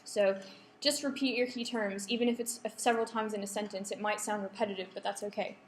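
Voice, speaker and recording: A woman's voice: mid-range voice, steady tone, fairly quick, slight background noise. Woman lecturing with ums in a roomy hall. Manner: explanatory, with frequent ums and self-corrections. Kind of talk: academic writing workshop talk. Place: lecture room. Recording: echoey lecture room.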